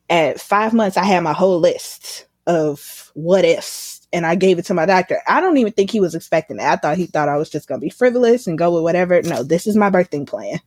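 A woman's voice: breathy edge, no room sound. A woman in casual chat, telling a story animatedly and laughing often. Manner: animated storyteller, laughs often, slips into high squeals when quoting herself.

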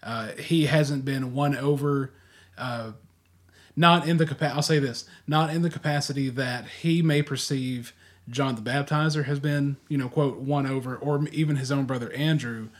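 A man co-hosting a casual podcast discussion, with a voice of ordinary middle pitch. He speaks in a measured, reflective way. He often hesitates with "uh" while he works out his point. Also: fairly even intonation. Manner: thoughtful, hesitant with "uh" fillers. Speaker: podcast co-host.

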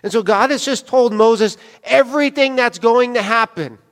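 A man's voice: very high voice, moderate pace. A man preaching a sermon as pastor, in a casual, conversational way, acting out quoted dialogue as he goes. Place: church sanctuary. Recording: long church hall reverb.

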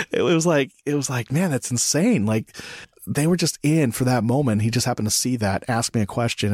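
A man hosts a laid-back podcast chat in a middle-range voice. He talks reflectively, pausing and restarting his thoughts. The sound is close and dry, with no room around it. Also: mid-range voice, dry recording. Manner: reflective, halting with frequent restarts. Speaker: podcast host. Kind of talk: casual podcast conversation.

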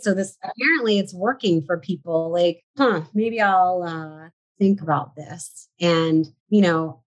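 A woman's voice: fairly low pitch, poor audio. A woman in her forties, a podcast guest, candidly telling her story and acting out her past thoughts in quotes. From United States. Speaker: podcast guest, shop owner.

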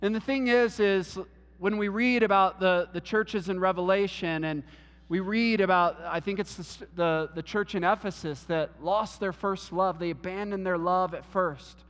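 A man's voice: high voice, normal speed, a bit bright, big-room sound. A man preaching a sermon in a church, earnest, often restarting words and using "like" as a filler. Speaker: pastor.

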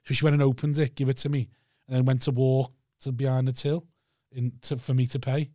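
A man chatting on a podcast, telling animated stories, laughing often and acting out the people in them. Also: mid-range voice, fairly quick, dry recording, studio quality. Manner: animated storyteller who laughs often and acts out the voices of people in his stories. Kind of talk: casual chat.

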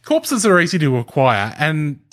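A man's voice: a little high, wildly swooping pitch, normal speed. A man co-hosting a podcast, casually explaining a story to his co-host while thinking aloud, restarting sentences and laughing lightly. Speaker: podcast co-host presenting the research.

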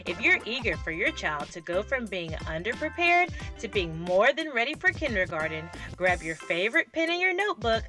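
A woman's voice: medium pitch, very animated, normal speed, hardly any pauses, over music. A woman in her thirties hosting a parenting podcast, talking casually and informally straight to her listeners. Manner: chatty and informal, addresses listeners as y'all and sisters. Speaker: podcast host and parenting coach.

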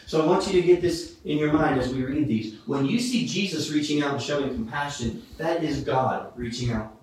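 A man preaching a sermon, reading Bible verses aloud with expressive emphasis. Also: a little high, fairly quick. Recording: echoey room, voice from a distance.

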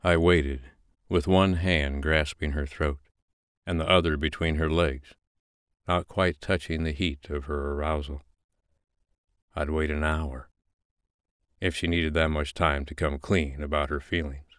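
Male narrator-host, deep bass, unhurried, dry booth sound. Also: fairly even intonation, clean tone, no room sound. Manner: slow, measured first-person reading. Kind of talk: reading an erotic fiction excerpt.

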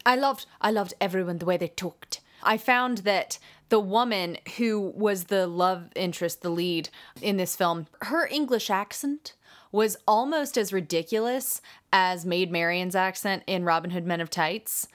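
A woman's voice: medium pitch, unhurried. A woman co-hosting a film podcast, chatting casually and animatedly, laughing often. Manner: animated, laughs often, does mock voices. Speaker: podcast co-host. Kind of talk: casual chat about films.

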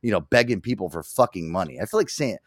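A man hosting a talk show, telling a story in a loose, profane, animated way. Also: fairly low pitch, fast, a little hiss or hum. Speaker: radio show host. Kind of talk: casual chat.

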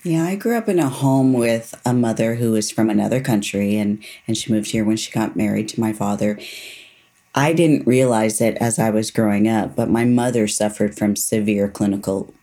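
A middle-aged woman, a neuropsychologist guest, speaking earnestly and candidly about her past. She slows down to stress her key points. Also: very deep voice, mellow. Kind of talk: personal storytelling in a conversation.

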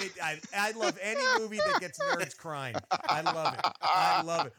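A man's voice: a little high, very animated, moderate pace, few pauses, bright, forceful tone. A man co-hosting a casual podcast chat, talking in a profane, emphatic way and riffing with laughter. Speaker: podcast co-host.

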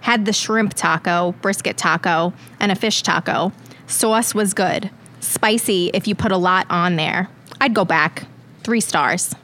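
A woman's voice: fairly low pitch, a little slow, fairly bright tone, slight background noise. A woman putting on a brash Long Island reviewer. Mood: deadpan.

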